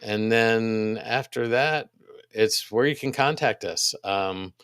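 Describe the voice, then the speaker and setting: Man, podcast co-host, clear resonant voice, halting delivery, casual schedule rundown. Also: fairly low pitch, fairly bright tone, dry recording, studio quality. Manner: halting, many ums and restarts. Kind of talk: casual chat, reading upcoming schedule.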